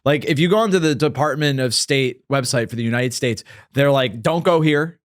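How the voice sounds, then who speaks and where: A man's voice: medium pitch, a little fast, dry recording, clean studio sound. A man hosting a comedy podcast, laid-back and casual, saying "dude" and backing up his guest with lots of "mm-hmm". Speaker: podcast host.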